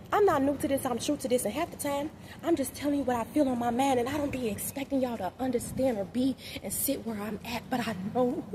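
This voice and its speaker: A mother talking casually and emphatically to her viewers about her spiritual journey, in slangy speech that swings from loud to hushed. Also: high voice, background noise. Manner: slangy, talks straight to viewers. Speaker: mother and motivational vlogger. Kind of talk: casual spiritual vlog talk.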